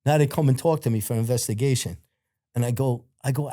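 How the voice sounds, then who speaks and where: Middle-aged male guest, mellow low tone, profane storyteller with a dead, dry sound. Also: quick pace, dry recording. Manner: profane, acts out other people's shouted lines; rambling, repeats filler phrases. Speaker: podcast guest. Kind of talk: casual storytelling.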